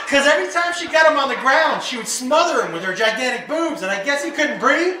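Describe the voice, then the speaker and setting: A man performing stand-up comedy, telling a story with animated energy and shouting his punchlines, recorded live in a comedy venue over audience laughter. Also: extremely high pitch, fairly quick, a loud crowd. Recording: roomy live venue, heard from a distance.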